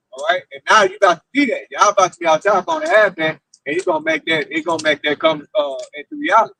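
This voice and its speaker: A man with a high, gravelly voice and lively pitch, preaching and citing scripture to the group. The recording is dry and close. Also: quick pace, few pauses, dry recording, poor audio. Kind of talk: religious group discussion.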